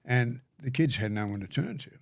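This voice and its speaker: An older Australian man, a podcast guest telling stories in a halting, earnest way, often repeating words. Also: mid-range voice, expressive, vocal fry, no echo, clean studio sound. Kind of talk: storytelling conversation.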